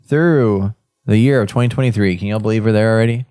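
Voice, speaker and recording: A man's voice: fairly low pitch, quick pace, dark tone, smooth. A man hosting a casual gaming podcast, rambling and restarting his sentences. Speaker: podcast host. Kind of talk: casual chat.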